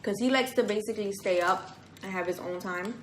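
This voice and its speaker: A woman co-hosting a casual vlog while eating, animated and acting out the lines she quotes in quick bursts. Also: mid-range voice, reverberant, a little hiss or hum, low-quality recording. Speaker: vlog co-host.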